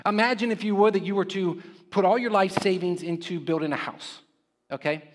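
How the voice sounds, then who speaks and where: Man, preacher, sermon, high voice, conversational, rhetorical questions, long church reverb. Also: brisk. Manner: conversational, with frequent rhetorical "right?" check-ins. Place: church sanctuary.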